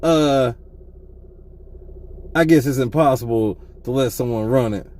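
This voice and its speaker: A man's voice: medium pitch, measured pace, a little mellow, a little hiss or hum. A man co-hosting a podcast, telling a story in casual, profane chat and laughing often, talking from a car. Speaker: podcast co-host.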